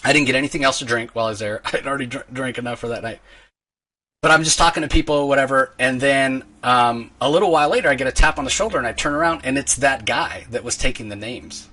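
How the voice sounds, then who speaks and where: A podcast host with a medium-pitched voice talks fast in casual chat. He tells a long, rambling story as an animated storyteller, restarting himself along the way.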